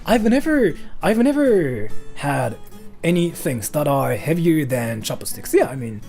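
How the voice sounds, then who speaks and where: A speaker from Japan, chatting casually on a livestream while reading donations, lively and giggly. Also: mid-range voice, a little slow, soft background music. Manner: animated and giggly, peppered with "like" and "freaking".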